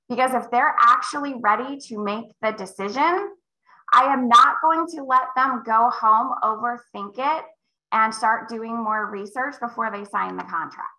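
In a live online session, a real estate sales trainer in her forties coaches agents, telling animated stories and acting out little scenes with dialogue in shifting voices. Her voice sits on the high side, and the audio is poor and reverberant.

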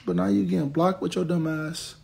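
Young dude venting on his live, high gravelly voice, cussing out commenters. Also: steady tone, a little fast, dark tone, a little hiss or hum. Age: 20s. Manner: blunt, profane, ranting at commenters. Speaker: social media personality on a livestream. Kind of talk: venting on a livestream.

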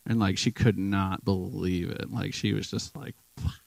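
Guy giving a laid-back church talk, low gravelly voice, dry close sound. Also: fairly even intonation, moderate pace, darkish tone, dry recording, low-quality recording. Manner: storytelling, acts out quoted people. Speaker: guest speaker at church. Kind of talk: casual testimony sermon. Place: church sanctuary.

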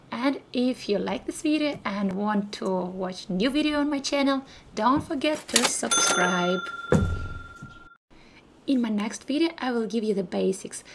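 A woman teaching a language lesson in a soft, unhurried voice, repeating sounds patiently and sometimes dropping into a whisper. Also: on the high side, gravelly, a little hiss or hum. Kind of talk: softly spoken lesson.

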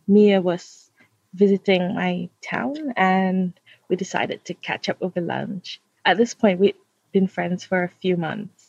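A woman telling a relaxed, self-mocking story about discovering a book. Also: fairly low pitch, slow pace, creaky, breathy edge, dull audio. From Australia. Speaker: fan group admin. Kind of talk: casual storytelling.

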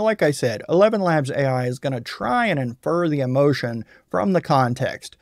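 A man narrating a software tutorial voice-over in a plain, explanatory and self-deprecating way, recorded on a close mic. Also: mid-range voice, dry recording. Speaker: tutorial host.

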